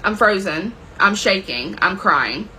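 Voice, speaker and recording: A woman speaks slowly and expressively to camera about a dramatic personal experience, emotional, intense and full of swearing. Her medium-pitched voice has a sharp edge, and the rough recording has a little hiss or hum.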